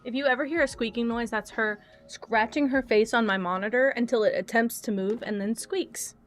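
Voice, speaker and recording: A young woman chats casually on a livestream, talking to her cats and her chat in a soft-spoken way and laughing easily. Her voice is a little high, and faint music plays behind her.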